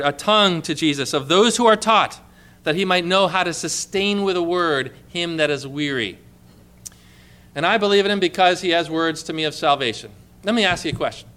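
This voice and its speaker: A man's voice: high voice, sharp tone. A male pastor preaching a sermon, quoting scripture with mounting, emphatic fervor.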